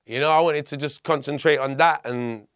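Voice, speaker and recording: A man, telling a story as a podcast guest in a lively, profane way. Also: fairly high pitch, moderate pace, clean tone, dry recording. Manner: animated, profane, laughing storyteller. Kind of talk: storytelling in conversation.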